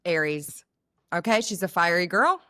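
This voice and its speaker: Woman podcast co-host, low-pitched, gushing and playful chat. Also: lively intonation, moderate pace, sharp tone. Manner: gushing, playful, lots of fillers. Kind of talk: casual chat.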